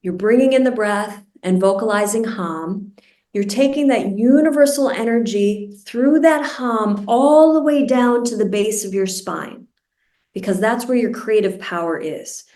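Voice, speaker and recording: A woman meditation teacher guiding a group through a breathing practice, speaking slowly and deliberately, over a video call. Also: medium pitch, a little mellow. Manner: slow, deliberate, soothing instruction. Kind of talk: guided meditation instruction. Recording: roomy and distant from the mic.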